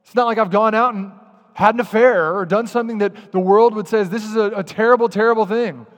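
A man preaching a sermon as pastor, lively and direct, sometimes acting out muttered grumbling. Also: sits high, fast, big-room sound. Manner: animated, acts out grumbling voices.

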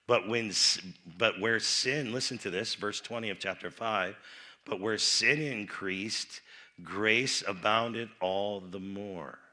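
Man, preacher, youth rally sermon, bright tone, quiet to loud swings, repeats words. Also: slow. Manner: swings from low, quiet asides to loud emphatic bursts; repeats words and restarts phrases.

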